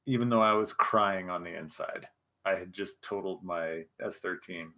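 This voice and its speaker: A young man with a low voice runs a casual livestream chat, a little tipsy on scotch, talking at normal speed in a pushed, bright tone. He rambles, swears, and laughs as he reads chat and tells stories.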